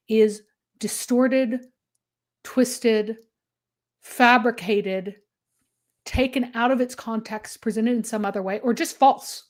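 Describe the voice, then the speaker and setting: A woman commenting on a livestream discussion, emphatic, listing her points one after another. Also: on the high side. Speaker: guest commentator.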